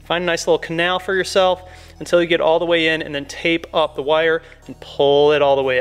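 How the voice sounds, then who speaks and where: Inside a car while working on the trim, a man who makes car modification videos on YouTube walks through a casual how-to with a laid-back, chatty enthusiasm. His voice is fairly high and smooth, fairly quick, with little pitch movement.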